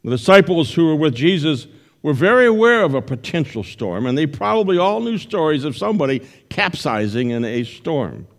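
In church, a man whose voice sits on the high side preaches a sermon, retelling a story to his congregation with changing speed and volume.

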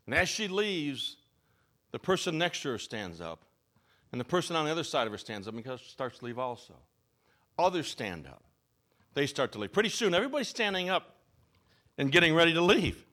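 A male pastor preaching a sermon, telling a story with expressive, rising and falling delivery and slow, emphatic phrases. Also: fairly high pitch.

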